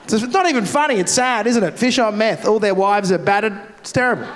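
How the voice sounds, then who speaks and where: A man's voice: sits high, noisy background. A young Australian man doing a brash, crude stand-up set on a festival stage, speaking into a handheld mic. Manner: brash, crude, rapid-fire. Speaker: stand-up comedian.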